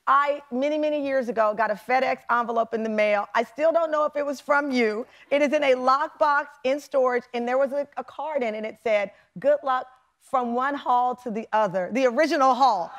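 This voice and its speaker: A woman's voice: high voice, brisk. A middle-aged woman hosting a talk show, chatting in an effusive, emphatic way and laughing often. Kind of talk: casual interview chat. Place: TV studio with live audience.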